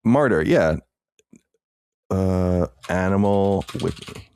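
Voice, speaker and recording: A man's voice: deep voice, expressive, takes it slowly, darkish tone, smooth. A man co-hosting a podcast, chatting casually in a rambling, filler-heavy way. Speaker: podcast co-host. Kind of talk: casual chat.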